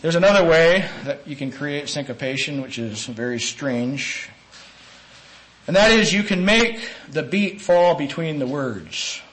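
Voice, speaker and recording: A man preaching a sermon-style lecture, earnest and emphatic, with sudden rises in pitch and volume and some slowed, stressed phrases. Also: animated, a bit bright, rough recording.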